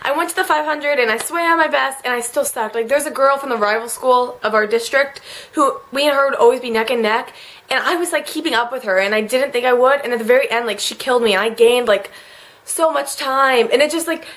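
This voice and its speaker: A teenage girl speaks straight to her camera in a confessional vlog, her voice sitting a little high. She rambles and leans on filler words, and she sounds close to tears the whole way through. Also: fairly quick, fairly bright tone. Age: late teens. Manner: rambling, emotional, many "like" fillers. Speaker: vlogger.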